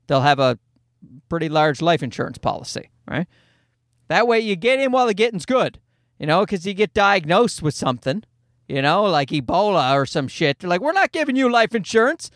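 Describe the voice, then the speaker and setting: A man hosting a solo comedy podcast, telling stories in an animated, swearing, voice-acting way. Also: on the high side, moderate pace, no room sound, studio quality. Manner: animated storyteller, swears freely, acts out voices. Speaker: podcast host. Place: Toronto.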